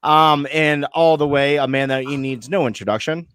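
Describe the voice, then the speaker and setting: A man's voice: a little high, normal speed, clear, resonant tone, no room sound. A man hosting a casual online show, joking and swearing freely. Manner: profane, joking, lively. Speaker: host. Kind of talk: casual podcast banter.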